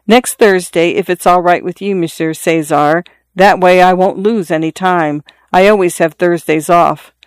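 A narrator voicing a grieving young mother who pleads tearfully, in a smooth, dry audiobook reading. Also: fairly low pitch, steady tone, unhurried, few pauses, dry recording, natural voice. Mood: gentle, coaxing.

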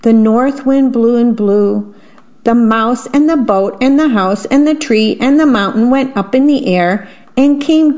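A woman reads bedtime stories for radio at a slow, unhurried pace, her voice sitting a little high. She stops now and then to describe the pictures for her listeners. The sound is muffled and lo-fi, like an old radio broadcast. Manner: gentle reading, pausing to describe the pictures. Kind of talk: reading children's bedtime stories aloud.

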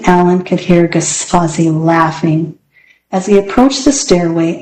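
A woman's voice: lowish voice, a little mellow. A woman reading picture books aloud as a storyteller, narrating expressively. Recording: roomy echo.

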